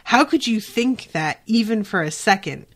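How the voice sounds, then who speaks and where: A woman hosting a podcast, recapping a TV episode in casual chat, animated and quick to swear. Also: mid-range voice. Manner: animated, swears freely, lots of "like" fillers. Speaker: podcast host.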